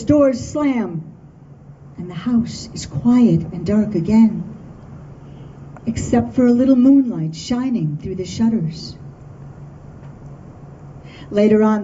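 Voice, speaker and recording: A woman tells a folk tale to a dinner audience with lively, expressive pacing. Her voice is fairly high and mellow. The recording is dull and distant, with faint room ambience behind her. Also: slight background noise. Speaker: storyteller. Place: dinner event hall.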